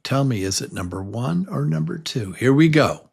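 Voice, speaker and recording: A middle-aged man teaching a beginner pronunciation lesson, modeling vowel sounds slowly and cheering when learners get the answer. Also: mid-range voice, expressive, vocal fry, a little mellow, husky. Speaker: English teacher.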